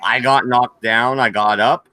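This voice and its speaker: Brash American male co-host, bright edgy tone, dry close sound, crude jokes. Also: mid-range voice, steady tone, unhurried, clean tone, no room sound. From United States. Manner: brash, swears, laughs at own jokes. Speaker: streamer and podcast co-host. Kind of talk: casual crude banter on a livestream.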